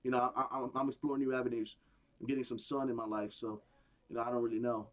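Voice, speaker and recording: A man's voice: medium pitch, flat delivery, quick pace, voice pushed down, close to an everyday voice. Shrugging surfer-casual tech mogul , a man doing the impression, mumbles and stammers. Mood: evasive. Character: evasive male tech billionaire, laid-back and shrugging.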